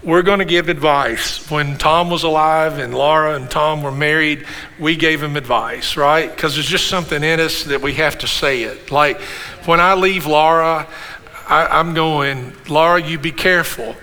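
A man's voice: fairly high pitch, steady tone, unhurried, sharp tone. A middle-aged man preaching a sermon in a church, conversational and jokey, often checking in with the congregation. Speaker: pastor. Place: church hall. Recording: long hall reverb, faint room noise.

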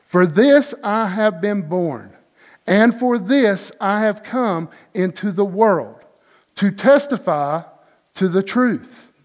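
A solemn, composed prisoner who speaks of his kingdom, voiced by a man reading scripture. The voice sits high and unhurried, and the words are measured and calm. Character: calm, solemn male prisoner claiming kingship.

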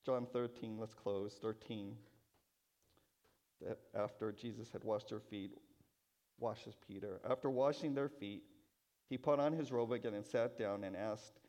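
A man preaching a sermon as pastor, speaking in a slow, prayerful way and building emphasis through repeated phrases. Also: fairly low pitch, steady tone, darkish tone.

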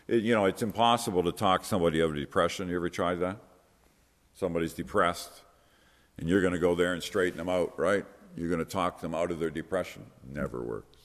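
A man with a very deep voice preaches a sermon in an earnest, conversational manner, putting rhetorical questions to his listeners. His words ring out with a long reverb, as in a large hall. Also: a bit bright.

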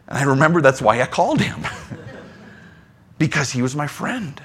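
A man's voice: expressive, moderate pace, long pauses, husky. Conversational man preaching a sermon. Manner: conversational, swings between soft low asides and emphatic lines. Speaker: pastor.

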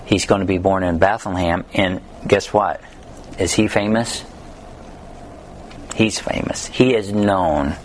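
A man's voice: sits low, unhurried. Male Bible study teacher, conversational delivery with funny stories and scripture readings, faint background noise. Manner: conversational, tells humorous stories, reads scripture aloud.

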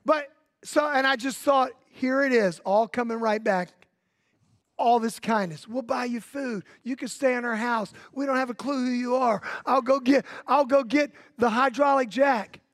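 A man with a Southern US accent, a pastor preaching a sermon in folksy, emphatic storytelling that drops to a hush for drama. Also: very high voice, moderate pace, no room sound, clean studio sound. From Southern United States. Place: church sanctuary.

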